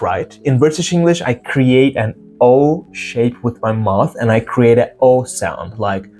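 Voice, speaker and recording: A young man from Turkey with a Turkish accent, hosting a casual English lesson, blunt and swearing at times, slowly demonstrating sounds. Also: medium pitch, a little mellow. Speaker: English teacher, channel host.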